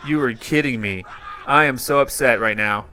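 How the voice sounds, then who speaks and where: A man hosting a reaction channel and playing a mobile game, his commentary swinging between muttered frustration and loud yelps. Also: medium pitch, normal speed, slight background noise. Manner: dramatic swings from muttering to yelling. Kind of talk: excitable gameplay commentary.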